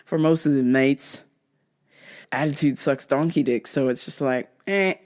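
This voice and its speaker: A woman's voice: very deep voice, steady tone, a little slow, darkish tone. A young American woman in casual chat, swearing freely, laughing often and slipping into British slang. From United States. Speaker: vlogger.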